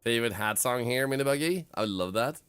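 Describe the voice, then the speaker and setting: A man's voice: medium pitch, lively intonation, fairly quick, a bit bright, clear, resonant tone. A Swedish man streaming a game in English, rambling and joking with his chat. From Sweden. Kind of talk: casual live-stream chat.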